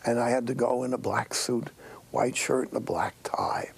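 Gravelly older priest telling stories. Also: male voice, mid-range voice, normal speed. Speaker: monastic priest. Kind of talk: storytelling talk.

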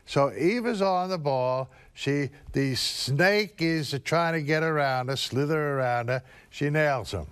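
A man giving someone an assignment, retelling a story in a deliberate, plain-spoken way. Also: on the high side, a bit bright, clean tone. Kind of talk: casual instruction, retelling a story.

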